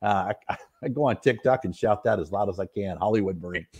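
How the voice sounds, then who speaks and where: A middle-aged American man with a fairly low voice tells his service stories as a podcast guest. He rambles earnestly and laughs often. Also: a little fast, a little mellow, breathy edge. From United States. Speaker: podcast guest, retired soldier. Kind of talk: casual interview storytelling.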